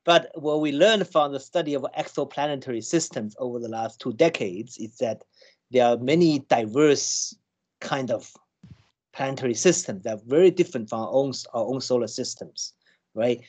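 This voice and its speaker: Halting man explaining with many restarts. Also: medium pitch, darkish tone. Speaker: scientist guest. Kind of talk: conversational explanation.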